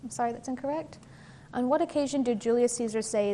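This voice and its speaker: Woman moderating a quiz, slightly high voice. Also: mellow, a little hiss or hum. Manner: measured and formal, with filler "um" between questions. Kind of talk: reading quiz questions and rulings.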